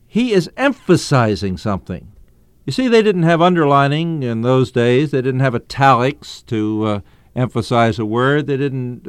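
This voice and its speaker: A man delivers a radio Bible teaching in a smooth, resonant voice. He speaks earnestly and emphatically, drawing out the phrases he wants to land. The sound is dry and close, with no room around it. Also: medium pitch, dry recording.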